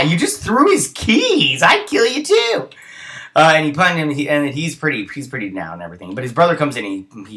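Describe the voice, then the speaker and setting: A man's voice: lowish voice, sharp tone. Rambling man recapping a TV episode. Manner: rambling retelling with many fillers. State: tired early in the morning. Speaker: host reviewing a TV episode. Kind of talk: casual recap and review.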